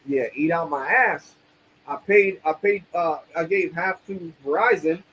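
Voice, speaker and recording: A man venting on a livestream in an angry, profane rant full of street slang. His voice sits a little high for a man, and a faint hum of noise runs underneath. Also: a little slow, a bit bright, low-quality recording. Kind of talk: ranting livestream.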